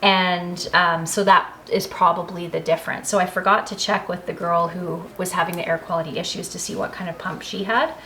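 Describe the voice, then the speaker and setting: A woman's voice: lowish voice, fairly even intonation, fairly quick, hardly any pauses, pushed and bright, a little hiss or hum, low-quality recording. A woman with a Canadian accent, chatting casually in a home garden and kitchen vlog, rambling and correcting herself as she goes. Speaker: homesteading vlogger.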